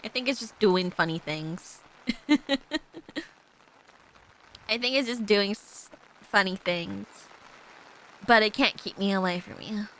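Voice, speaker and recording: A woman's voice: medium pitch, slow, pauses often, a bit bright, slight background noise, poor audio. A young woman streaming as a VTuber, chatting playfully with lots of giggles and reading a visual novel aloud.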